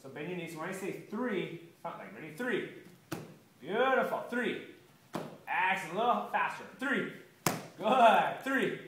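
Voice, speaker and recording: A man coaches a child through karate drills, rattling off counts and praise at a brisk clip. His voice sits a little high for a man and bounces around a bare, echoey studio. He stands back from the microphone, with a faint hiss underneath. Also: expressive, a bit bright, distant mic. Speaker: karate instructor. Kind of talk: kids' self-defense lesson. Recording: echoey room, voice from off-mic.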